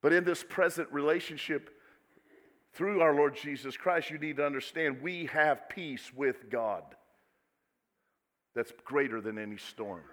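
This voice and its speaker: Bright-voiced male pastor in an echoing hall. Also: a little high, unhurried. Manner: dramatic swings from soft asides to loud exclamations. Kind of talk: sermon. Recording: echoey hall with long reverb.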